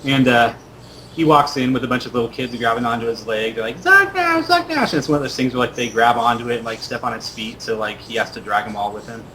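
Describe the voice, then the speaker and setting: A man's voice: level tone, fast talker, a bit bright. A man narrating as game master in a loose style full of fillers. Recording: noisy recording with rumble.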